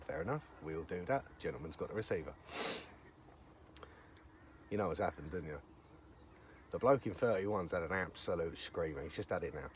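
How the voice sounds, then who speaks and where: Chatty fishing vlogger. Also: male voice, on the low side, slight background noise. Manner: chatty, gossipy, swears freely. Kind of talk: casual chat to camera. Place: outdoors by a lake.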